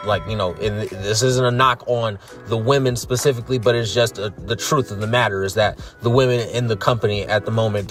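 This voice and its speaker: A man's voice: fairly low pitch, fairly bright tone. A man streaming a casual wrestling recap, blunt and profane, tagging his sentences with "all right?".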